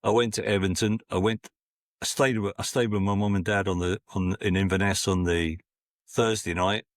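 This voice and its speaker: Low-voiced and fairly even in intonation, a man in his sixties from Scotland tells casual, rambling anecdotes on a podcast. He restarts frequently and acts out the quotes at a moderate pace, on a clean studio recording with no echo.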